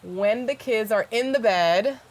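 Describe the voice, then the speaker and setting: A woman's voice: a little high, unhurried. A woman hosting a podcast, chatting effusively with a guest and using plenty of fillers. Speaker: podcast host. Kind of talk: casual chat.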